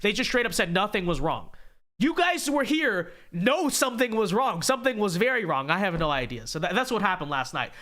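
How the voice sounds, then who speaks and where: Male live-stream host, a bit stuffed up, high and bright, sarcastic, talks to chat. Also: very animated, fairly quick. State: congested.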